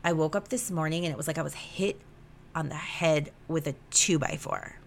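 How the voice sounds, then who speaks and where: A woman's voice: deep voice, normal speed. A young woman hosting a podcast, telling a personal story in a raw, emotional way, often swearing and acting out the conversation. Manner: emotional, swears freely, animated retelling. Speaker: podcast host. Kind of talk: candid personal podcast monologue.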